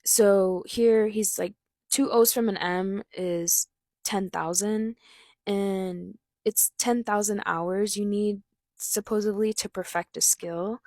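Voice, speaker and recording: A woman's voice: mid-range voice, fairly even intonation, slow pace, a little mellow, no room sound. Chatty woman in a dry, close room. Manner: chatty, loose, with frequent "like" and "um"; reads out quoted lines between her own explanations. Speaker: host breaking down rap lyrics. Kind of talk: casual commentary.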